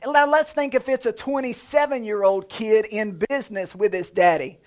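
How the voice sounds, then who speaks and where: Man preaching with lively delivery. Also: high-pitched, moderate pace. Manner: lively, conversational preaching with jokes and sound effects. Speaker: pastor. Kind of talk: sermon.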